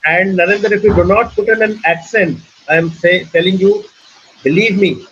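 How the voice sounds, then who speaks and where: High-voiced husky man. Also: normal speed, fairly bright tone. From India. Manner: assertive, persuasive. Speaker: webinar host and organizer. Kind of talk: online webinar Q&A. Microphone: video call. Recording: muffled lo-fi call audio.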